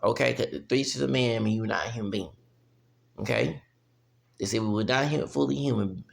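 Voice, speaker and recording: A man's voice: medium pitch, fairly quick, gravelly. A man, ranting heatedly and profanely in a vlog, often breaking off with "okay?". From United States. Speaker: vlogger. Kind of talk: heated opinion rant.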